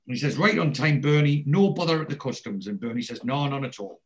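In a mid-range voice and at a quick clip, a male podcast host gives a relaxed recap of a TV episode. Along the way he animatedly voices the characters' lines himself.

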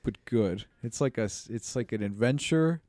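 A man's voice: mid-range voice, lively intonation, moderate pace, dark tone, dry recording, faint music behind. A man co-hosting a podcast in casual comedic chat, joking in a wry, laid-back way. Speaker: podcast co-host.

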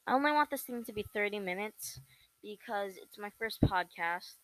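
A young woman hosting her own podcast, chatting casually about videos she likes, rambling and halting with many fillers and restarts. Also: medium pitch, animated, fairly bright tone, dry recording, rough recording. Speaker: podcast host. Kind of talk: casual solo podcast chat.

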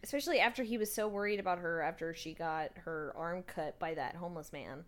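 A woman's voice: fairly low pitch, brisk. A woman co-hosting a casual recap chat, mostly giving short, dry reactions. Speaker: podcast co-host.

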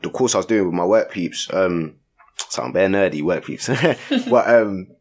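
A young podcast co-host tells a story in casual chat, animated and slangy with plenty of "innit" and "you get me." His voice is deep and unhurried.

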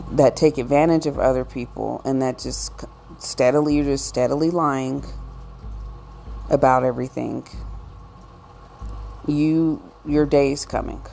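Slow, gravelly-voiced woman ranting. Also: sits low, mellow. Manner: preachy, emphatic. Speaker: vlogger. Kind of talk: ranting monologue.

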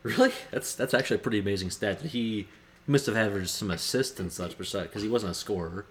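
A man with a fairly low voice on a relaxed sports podcast, often stalling and restarting as he tries to recall names. His talk is loose and easygoing, full of half-finished thoughts. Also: fast talker. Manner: hesitant, searches for names, trails off. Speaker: podcast co-host. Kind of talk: casual sports chat.

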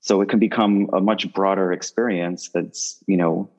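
Low-voiced man speaking on a muffled line. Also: normal speed. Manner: rambling, restarts phrases often, animated when telling stories. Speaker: guest medium. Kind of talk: casual conversational interview.

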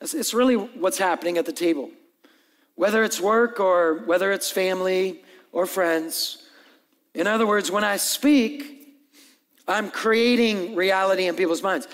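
High-voiced pastor in an echoing hall. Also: male voice, a little slow. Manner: animated, acts out dialogue and jokes with the congregation. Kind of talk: sermon. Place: church hall with long reverb.

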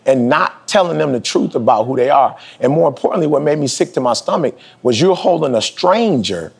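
Podcast host, man in his forties: husky, fired-up motivational speaker, street slang, climbs high when he hammers a point. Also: lively intonation, brisk. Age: 40s. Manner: emphatic, preachy, slangy street talk, pitch jumps high for emphasis. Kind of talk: motivational talk.

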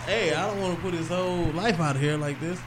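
A man's voice: fairly high pitch, brisk, background noise. A young man co-hosting a podcast, telling a rambling story in casual chat and laughing often. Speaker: podcast co-host.

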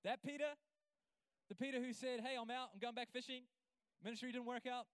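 High-voiced man preaching with rising fervor. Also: brisk, clear, resonant tone, no room sound. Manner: energetic preaching that builds to near-shouting; acts out prayers and quotes in voice. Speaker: pastor. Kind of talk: sermon.

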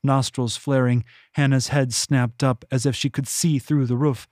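A man narrates his fantasy novel in a measured, even storytelling voice. His pitch sits in an ordinary middle range, and the recording is close and dry with no room sound. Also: no room sound. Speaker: audiobook narrator. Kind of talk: scripted narration.

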